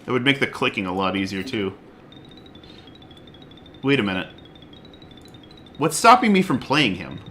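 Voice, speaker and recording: A man streaming a card game live, chatting excitedly, laughing often and swinging from loud outbursts to quiet muttering. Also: lowish voice, measured pace, long pauses, soft background music. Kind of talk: live gameplay commentary.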